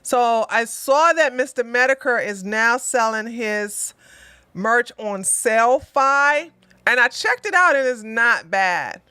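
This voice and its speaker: Animated woman, bright voice. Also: takes it slowly, clear, resonant tone, no room sound, clean studio sound. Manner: chatty and animated, swinging from low drawl to high exclamations. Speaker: channel host. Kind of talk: rambling casual livestream chat.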